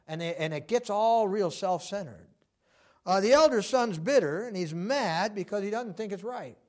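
High-voiced animated preacher. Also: male voice, normal speed. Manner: animated, acts out quoted voices, many fillers. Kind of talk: sermon.

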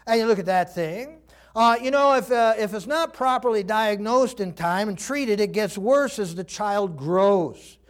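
Older male pastor, high-pitched, animated sermon delivery with acted-out voices and laughter. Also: measured pace. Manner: animated, acts out quoted voices, laughs often.

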